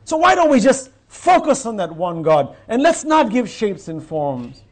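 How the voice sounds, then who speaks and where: A man giving a religious lecture, telling stories with lively acted-out dialogue and reciting scripture in Arabic. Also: high voice, unhurried. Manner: animated storytelling, acts out quoted exchanges. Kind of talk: sermon.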